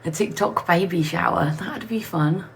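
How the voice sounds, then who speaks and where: A woman's voice: on the low side, normal speed, gravelly, a little hiss or hum. A woman chatting casually on a live stream from her new home, rambling and answering viewer comments aloud.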